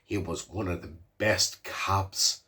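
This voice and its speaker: A man mimicking a grave elderly police chief in a slow, deep, solemn drawl. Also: sharp tone, heavily acted.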